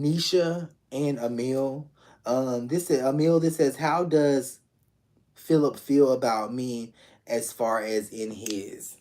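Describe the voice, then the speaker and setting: A man reads tarot live for an online audience in a loose, chatty style, speaking directly and affectionately to his viewers. He circles back to repeat phrases and drops casual curse words, and his mid-range voice has a darkish tone.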